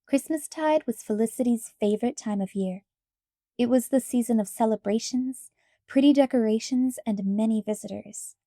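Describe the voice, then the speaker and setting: A woman narrates a children's storybook in a calm, clear reading voice. Her tone is mellow and dark while her pitch sits a bit high, and the recording is close and dry with no room sound. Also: normal speed, no room sound. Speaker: audiobook reader.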